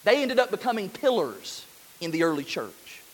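A man in his thirties preaching a sermon in a church, earnest, swelling loud and then dropping soft. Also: high-pitched, big pitch swings, moderate pace.

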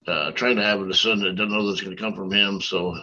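A man answering a question in a Bible class, hesitant and pausing often. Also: low-pitched, steady tone, sharp tone. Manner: hesitant, many uh fillers. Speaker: student in class. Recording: dull lo-fi sound.

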